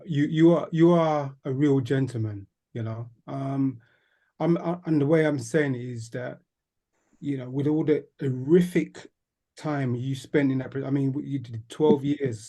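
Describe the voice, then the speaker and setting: A man with a dark, mellow voice who stops and restarts as he hunts for the right words, speaking on a podcast panel over a call. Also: medium pitch. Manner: halting, searching for words. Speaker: DJ and panel member. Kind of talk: casual remarks on a video call.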